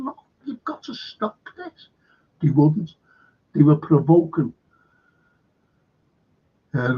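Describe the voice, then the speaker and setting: A man's voice: on the high side, vocal fry, slightly rough, muffled recording. A man with a Liverpool accent hosting a rambling, opinionated monologue. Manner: rambling, opinionated, animated when quoting others. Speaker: host.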